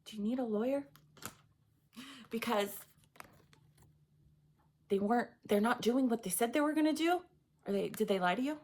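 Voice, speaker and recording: Female tarot reader, casual and blunt, slightly high voice with vocal fry. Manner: chatty, giggly, blunt.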